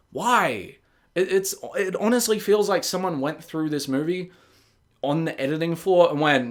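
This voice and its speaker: Sarcastic casual male movie reviewer. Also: moderate pace. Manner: animated, jumps into high mocking voices for quotes; sarcastic and exasperated. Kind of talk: casual spoken film review.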